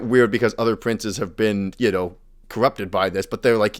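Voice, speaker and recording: A man's voice: on the low side, steady tone, moderate pace. A young man casually retelling fantasy lore as a podcast host, acting out the characters' lines as he goes.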